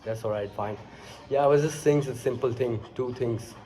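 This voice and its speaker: Pakistani male vlogger, casual monologue, lots of fillers, swears freely, mellow tone. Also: mid-range voice, normal speed, poor audio. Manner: rambling, heavy use of fillers like "you know" and "like"; frank and profane.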